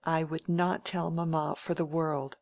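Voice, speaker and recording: A woman's voice: low voice, flat delivery, unhurried. A prim, genteel young lady, as a woman reader voices her. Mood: prim, plaintive. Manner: mild and genteel, plaintive when pressed. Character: prim, mild, self-righteous young woman. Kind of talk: audiobook character reading.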